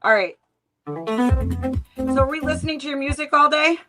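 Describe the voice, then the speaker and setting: A woman's voice: high voice, measured pace. A woman hosting a live stream, chatting casually and rambling with fillers and restarts. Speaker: host of a live sales call stream. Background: faint music.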